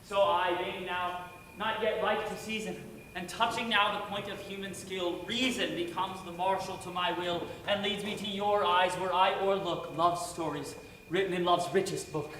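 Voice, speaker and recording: A man's voice: sits high, steady tone, normal speed, fairly bright tone. A young man playing an ardent young lover, declaiming verse earnestly on stage in an echoey hall, heard from a distance. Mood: passionate. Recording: echoey hall from far off, with noise.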